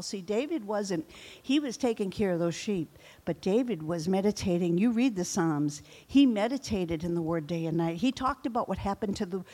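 A woman pastor preaching a sermon, reading scripture aloud and acting out the quoted lines with lively shifts in loudness. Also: mid-range voice.

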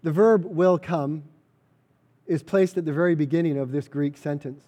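A man's voice: fairly high pitch, moderate pace, dark tone. A man preaching a sermon, earnest and emphatic, repeating key phrases for weight. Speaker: pastor.

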